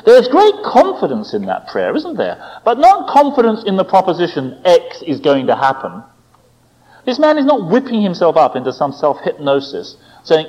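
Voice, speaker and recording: A man preaching a sermon, with expressive delivery, rhetorical tag questions and dramatic quoted voices. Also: fairly high pitch, moderate pace. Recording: dull lo-fi recording.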